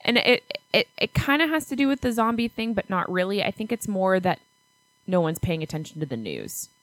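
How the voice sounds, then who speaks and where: A woman's voice: medium pitch, sing-song, fairly quick, fairly bright tone, no room sound. A woman co-hosting a casual movie review podcast, speaking bluntly and swearing freely. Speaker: podcast co-host.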